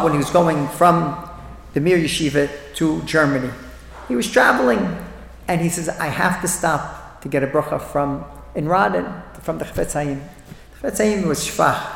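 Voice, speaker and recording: Middle-aged man, high gravelly voice, animated storyteller, reverberant hall. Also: slight background noise. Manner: animated, repeats phrases, acts out quoted voices. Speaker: speaker at a religious talk. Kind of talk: inspirational talk with storytelling. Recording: echoey hall with long reverb.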